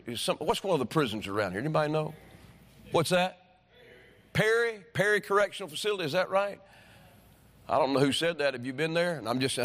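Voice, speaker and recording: A middle-aged man preaching a sermon, animated and repetitive, telling stories with sudden shouts. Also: sits high. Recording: long hall reverb.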